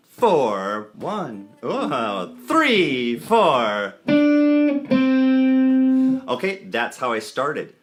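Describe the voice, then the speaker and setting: Lively-voiced man teaching guitar. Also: medium pitch. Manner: relaxed, counts beats aloud. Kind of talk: casual guitar lesson. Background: guitar playing.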